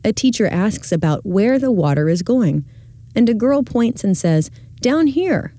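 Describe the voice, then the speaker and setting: A woman reading a scripted audio description of classroom video clips in a measured, clear way. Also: mid-range voice, expressive, mellow, no room sound, studio quality.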